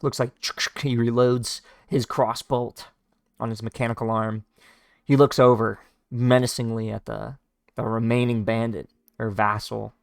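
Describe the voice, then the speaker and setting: Gravelly man reading a comic aloud. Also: medium pitch, little pitch movement, no echo, clean studio sound. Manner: informal, halting, describes panels with fillers. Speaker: read-along narrator. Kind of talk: casual read-along of a comic.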